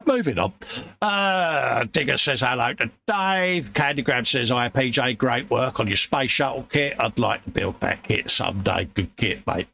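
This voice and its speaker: Chatty man with a gravelly voice. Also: medium pitch, expressive, normal speed, bright, forceful tone. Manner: chatty, matey, reads out viewer messages. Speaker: livestream host reading chat. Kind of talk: casual livestream chat.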